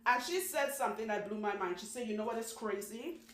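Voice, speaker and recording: A woman who owns a salon, telling long stories in a chatty, animated way and laughing often. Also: a little high. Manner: chatty, animated, laughs often, does quick voices for people she quotes. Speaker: loctician, channel host. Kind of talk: casual storytelling talk. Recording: echoey room with faint background noise.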